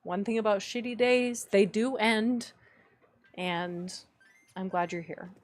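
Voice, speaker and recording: A woman streaming and chatting casually with her viewers, playful and laughing often, her voice a little rough. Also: medium pitch, steady tone, takes it slowly. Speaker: streamer reading chat. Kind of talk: casual live-stream chat.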